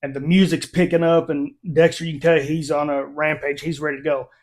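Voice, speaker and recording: A middle-aged man hosts a relaxed review chat with a friend. His voice sits a little high, and he is animated and quick to laugh as he recounts scenes. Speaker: reviewer, channel host. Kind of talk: casual chat.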